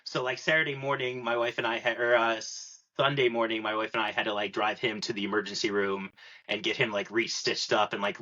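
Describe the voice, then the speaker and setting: Chatty man with a bright voice. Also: medium pitch, dull audio. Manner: rambling storyteller, heavy filler words. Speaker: podcast guest. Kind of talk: casual podcast chat.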